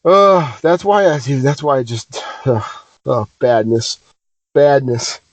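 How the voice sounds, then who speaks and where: A man co-hosts a podcast, chatting casually and telling rambling, self-deprecating stories. His voice is medium-pitched and slow, with no room sound, and he speaks animatedly, restarting his sentences many times.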